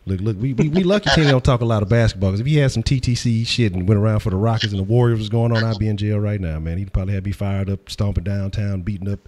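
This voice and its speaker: Deep, fast-talking sports host. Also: male voice. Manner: loose, profane, hyped shout-outs. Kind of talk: casual sports talk stream.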